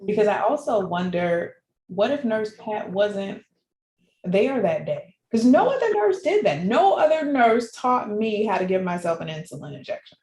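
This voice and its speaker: A woman guest in an interview, telling her personal story in an animated way and laughing often. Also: mid-range voice, a little slow. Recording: echoey room with faint background noise.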